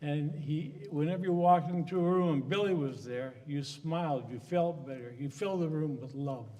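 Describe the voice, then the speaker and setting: Emotional man giving a halting eulogy. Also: on the high side, mellow. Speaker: eulogy speaker. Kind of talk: funeral eulogy. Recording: long hall reverb.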